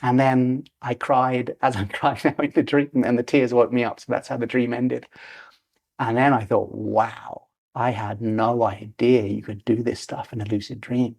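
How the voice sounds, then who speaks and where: A man's voice: mid-range voice, level tone, moderate pace, creaky, darkish tone. A man in his forties, a podcast guest telling a personal story animatedly and acting out the voices in it. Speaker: podcast guest, lucid dreaming teacher.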